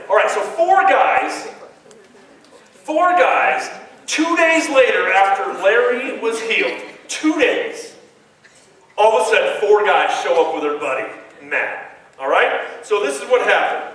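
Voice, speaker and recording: A man preaching a lively, joking sermon and retelling a story in an animated, exclamatory way, recorded in a large stadium. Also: very high voice. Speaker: youth preacher. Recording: echoey stadium from far off.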